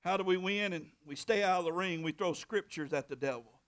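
Male pastor, high pitch, fervent call-and-response preaching. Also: brisk. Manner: preaching with rising shouted bursts and call-and-response. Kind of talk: sermon.

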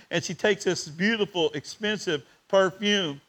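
A man preaching to his congregation, his voice climbing to loud and then sinking to a near whisper. His tone is bright and a little high for a man. He tells the story with open emotion. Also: moderate pace. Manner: emotional, swings between loud and hushed. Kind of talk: sermon.

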